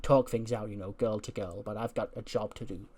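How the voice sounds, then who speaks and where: A man's voice: on the low side, steady tone, a little fast, mellow, natural voice. A man voicing a nervous, eager young female wrestler who stammers while playing detective. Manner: flustered stammering.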